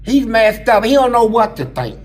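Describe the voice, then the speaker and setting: A man's voice: extremely high pitch, sing-song, normal speed. A man as an interview guest, telling stories in casual, blunt and crude street slang, acting out other people's lines as he goes. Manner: acts out other people's lines mid-story. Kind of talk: casual storytelling about prison life.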